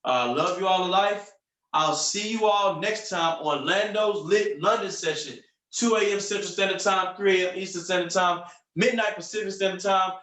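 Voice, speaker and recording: High-voiced motivational man, roomy sound. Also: moderate pace, fairly bright tone, recorded from a distance. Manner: upbeat, punchy, repeats phrases for emphasis. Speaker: sales coach. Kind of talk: motivational coaching on a group call. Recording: roomy, from off the mic.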